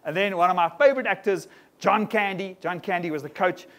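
A man preaches to a church congregation, his voice sitting a little high. He keeps things lively and often asks the room quick questions. Sermon delivery, with the congregation right there in front of him. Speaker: pastor. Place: church hall before a congregation.

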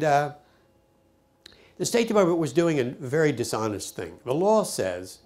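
An older man recounting his peace work in a lively storytelling manner, acting out the voices of the people he quotes. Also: on the high side. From United States. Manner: animated storyteller, acts out quoted speech. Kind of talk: personal storytelling to camera.

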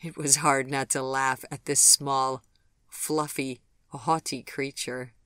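A man reading an audiobook in a calm, even storytelling manner. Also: medium pitch, takes it slowly, clear, resonant tone, dry recording, clean studio sound. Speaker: audiobook narrator. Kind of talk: scripted narration.

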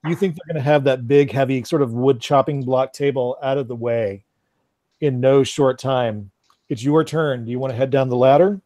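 A man narrating a tabletop game as game master over an online call, relaxed and halting as he searches for words. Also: mid-range voice, no room sound.

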